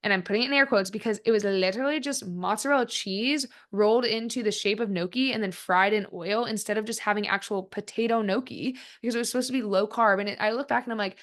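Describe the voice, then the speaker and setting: A woman's voice: mid-range voice, fast talker, few pauses. A woman in her twenties hosting a solo podcast, talking in a casual, candid way with plenty of "like" fillers. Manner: chatty, frequent "like" fillers, candid self-reflection. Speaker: podcast host.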